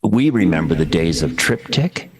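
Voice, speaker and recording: Very deep-voiced enthusiastic male host. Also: sing-song, normal speed, breathy edge. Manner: enthusiastic, exclaims with big pitch jumps. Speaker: radio show host. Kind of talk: casual tech talk show chat.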